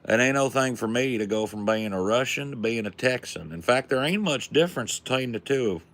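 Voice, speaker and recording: A man's voice: mid-range voice, animated, a little fast, a bit bright, pitched above the performer's own voice. A man putting on a folksy Texan cowboy voice with a drawling, boastful swagger in a casual podcast chat.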